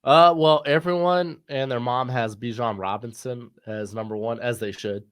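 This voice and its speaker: A man giving casual sports analysis in a relaxed way, with plenty of fillers. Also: medium pitch, normal speed, clear, resonant tone. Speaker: guest co-host.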